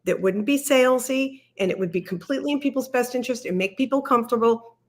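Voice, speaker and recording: A woman's voice: on the high side, fast. A middle-aged woman, a company founder, explaining her career with enthusiasm as a livestream guest. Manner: enthusiastic, explanatory, often says "like" and "really". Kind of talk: casual livestream chat.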